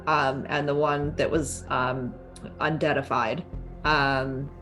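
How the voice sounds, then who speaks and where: Low-voiced woman player, full of fillers. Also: flat delivery, slow pace, a bit bright, soft background music. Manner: hesitant, filler-heavy. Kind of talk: tabletop role-play.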